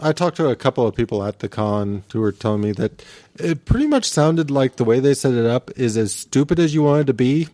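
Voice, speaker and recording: A man's voice: medium pitch, animated, a little fast, warm tone, no echo. A man on a comics podcast chatting casually in a matter-of-fact way. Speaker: podcast co-host. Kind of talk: casual chat.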